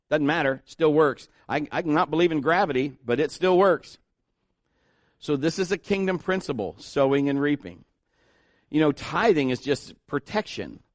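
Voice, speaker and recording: A man preaching a sermon, telling a story in an animated way and acting out the voices of others. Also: medium pitch, no echo, studio quality. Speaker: pastor.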